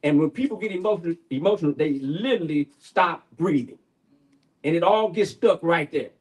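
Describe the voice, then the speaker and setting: A man's voice: a little high, a little fast, darkish tone, poor audio. An older man on a community panel, talking in a folksy, preacher-like way and often checking in with "right?". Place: bookshop event room.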